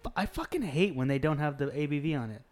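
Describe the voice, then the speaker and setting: A man chatting casually on a podcast, cursing freely and telling stories with animated energy. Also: on the high side, quick pace. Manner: profane, animated storyteller. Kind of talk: casual chat.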